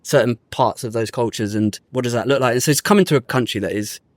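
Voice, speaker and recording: A man's voice: mid-range voice, quick pace, no echo. A man talks casually on a podcast, with a mid-range voice in a dry, close-miked sound. He tells his story with plenty of energy, slips into street slang and acts out the people he quotes. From United Kingdom. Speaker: guest.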